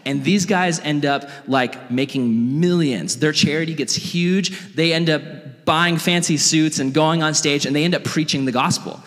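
A man's voice: on the high side, measured pace, fairly bright tone. A man pastor giving a casual sermon in a church, talking in a chatty, earnest way that is full of "like". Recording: echoey church hall.

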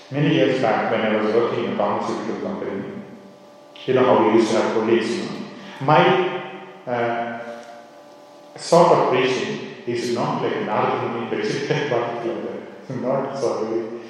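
A man's voice: mid-range voice, a little hiss or hum. A man teaching a scripture class in a conversational way, with many "you know" asides. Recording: echoey hall, speaker far from mic.

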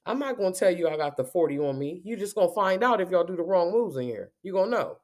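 A woman's voice: on the low side, animated, fast, a little mellow. A woman giving a profane, confrontational spoken rant as a spiritual vlogger, cursing heavily and repeating herself.

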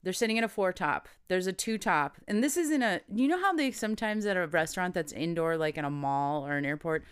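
A woman's voice: fairly low pitch, lively intonation, brisk, clear, resonant tone. A woman co-hosting a podcast, casually telling a story, quoting people and laughing often. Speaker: podcast co-host.

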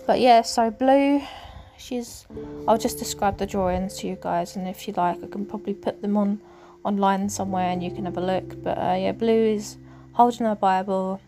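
A female podcast host rambles loosely about her faith, hesitant and often pausing with ums as she gathers her thoughts. Her voice sits at an ordinary middle pitch, with music clearly audible underneath throughout.

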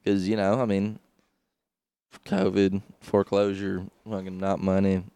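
A man's voice: low-pitched, level tone, measured pace, warm tone, clean tone, dry recording. A young man co-hosting a podcast, chatting loosely and crudely and laughing often. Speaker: podcast co-host. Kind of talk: casual comedic chat.

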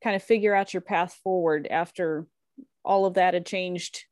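A woman hosting an interview, asking gentle questions and giving short affirmations. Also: on the low side, fairly even intonation, moderate pace, dry recording, clean studio sound. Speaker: host.

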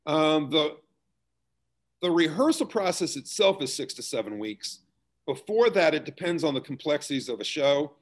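A middle-aged man who directs theater at a school talks about his work in a relaxed interview. His pitch is medium, and he speaks conversationally, with fillers and restarts.

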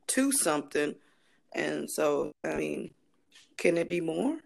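A man chatting casually as a podcast co-host, animated and profane, with dramatic exclamations. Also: a little high, slow pace, vocal fry. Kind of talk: casual chat.

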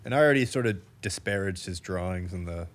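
A man's voice: low-pitched, expressive, fast talker. A man from the Midwest co-hosting a podcast, chatting casually, laughing often and correcting himself as he goes. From American Midwest. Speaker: podcast co-host. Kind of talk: casual chat.

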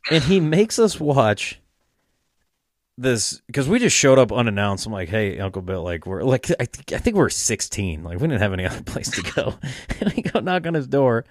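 A man's voice: medium pitch, very animated, fairly quick, dry recording, studio quality. Rambling, laughing young man telling a story. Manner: rambling, swearing, laughing often, many fillers. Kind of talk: casual storytelling.

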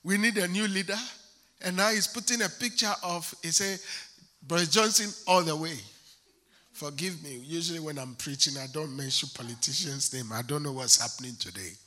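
A male pastor preaching a sermon, emphatic and repetitive, building to a fervent rise. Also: pushed and bright. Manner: emphatic, repeats phrases, slows and rises to a fervent pitch.

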